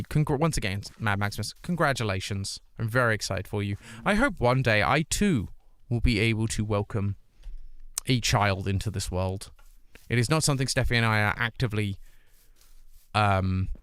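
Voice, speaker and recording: A man's voice: on the low side, a bit bright, clear, resonant tone, no room sound. Upbeat British man streaming live. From Britain. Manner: upbeat, reads chat aloud and greets viewers. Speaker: charity livestream host. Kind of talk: casual live-stream chat. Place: home streaming room.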